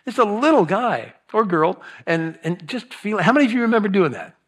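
A man's voice: high-pitched, sing-song, a little fast, a bit bright. A middle-aged man preaching a chatty sermon, telling stories with playful asides and drawing the congregation in. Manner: chatty storytelling with playful asides and audience prompts. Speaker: pastor. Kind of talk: conversational sermon.

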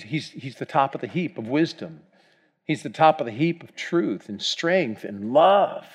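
A man's voice: mid-range voice, highs cut off. A man preaching a sermon, reading scripture aloud with emphasis and putting questions to his congregation. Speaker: pastor. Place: church.

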